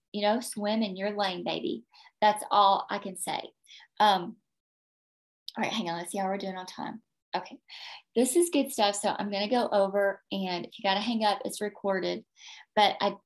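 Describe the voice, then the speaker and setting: Brief: emphatic woman team leader, motivational training talk, video-call sound. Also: medium pitch. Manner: emphatic, repeats points, tags "okay?".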